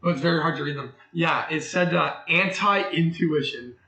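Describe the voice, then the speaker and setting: A young man with a raspy throat muses his way through a casual tarot reading, leaning on fillers and half-finished thoughts. His voice has a bright, sharp edge, and it rings in an echoey room. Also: fairly high pitch, normal speed. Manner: rambling, filler-heavy, musing aloud. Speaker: tarot reader.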